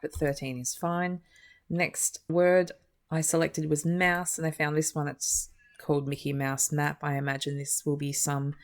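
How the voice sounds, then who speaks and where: A woman's voice: low voice, a little mellow. A woman giving gameplay commentary with a dry, wry and sarcastic manner. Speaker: gaming video creator.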